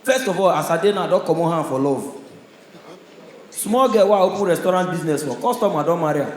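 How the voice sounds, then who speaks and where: A man with a Nigerian accent doing a stand-up comedy set on a stage, telling stories in a loud, punchy way. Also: on the high side, animated, fast talker, roomy sound, a little hiss or hum, low-quality recording. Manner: loud, punchy storytelling in pidgin.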